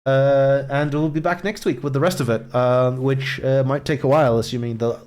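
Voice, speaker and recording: A man streaming a game, talking in a relaxed, rambling way with lots of fillers over faint game music. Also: mid-range voice, moderate pace. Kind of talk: casual game stream chat.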